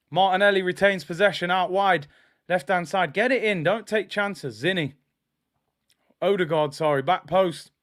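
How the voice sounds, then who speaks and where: A young man doing live fan commentary on a football match, reacting loudly and chatting to his viewers. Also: high voice, clean tone. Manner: animated fan, shouts and exclaims when play goes wrong. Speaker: football watch-along streamer.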